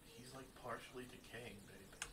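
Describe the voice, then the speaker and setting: A man's voice: mid-range voice, fairly even intonation, moderate pace, pushed and bright, natural voice. A man playing a groggy young fiancé, just awake. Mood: drowsy. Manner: groggy, drowsy and casual. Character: soft-spoken male fiancé waking from sleep. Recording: roomy, distant and noisy.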